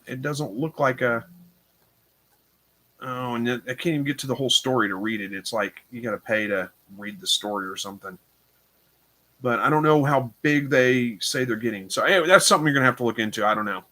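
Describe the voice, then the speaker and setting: Tired guy on a live stream, bright tone, kinda rambly and unsure, lots of ums. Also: mid-range voice. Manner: rambling, unsure, thinking aloud with fillers. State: tired, yawning. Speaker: livestream host. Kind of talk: casual live chat reading viewer comments.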